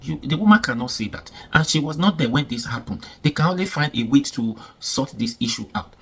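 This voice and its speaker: A man's voice: on the high side, expressive, a little fast, gravelly, breathy edge. A man giving casual, emphatic commentary, repeating himself and asking rhetorical questions.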